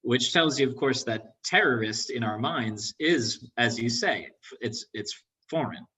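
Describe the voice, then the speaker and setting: A man's voice: mid-range voice, animated, a little slow, bright, forceful tone, slightly rough. A man in the audience making a comment in an academic Q&A, hesitant and full of fillers. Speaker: audience member asking a question. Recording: voice distant from the mic.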